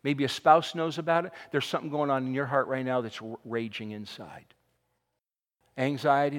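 A male pastor preaching a sermon with passion, swinging between loud cries and hushed, quiet passages. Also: mid-range voice, fairly even intonation, normal speed. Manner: impassioned, swings from shouting to hushed. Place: church sanctuary. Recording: long hall reverb.

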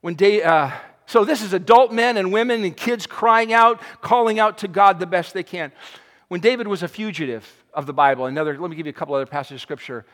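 A male pastor delivers an impassioned sermon in a high, ringing voice. He builds to loud cries, then drops to a hushed near-murmur. The sound carries a long reverb from a large church sanctuary. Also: brisk. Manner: impassioned, swings from shouting to hushed.

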